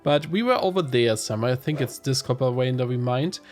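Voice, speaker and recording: A man's voice, stuffy and nasal from a cold, talking loosely over a game as he plays. He rambles and breaks off mid-thought, pitched in a middling range. Faint game music sits underneath. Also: lively intonation, a little fast. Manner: rambling, chatty, self-interrupting. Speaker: let's play host. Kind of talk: casual gameplay commentary.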